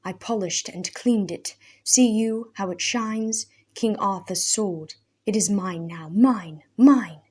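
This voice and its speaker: A woman voicing a mad old male hermit who speaks in archaic, fervent bursts, from raging shouts to hushed awe. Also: medium pitch, takes it slowly, few pauses. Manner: intense, archaic speech, shouting then hushed.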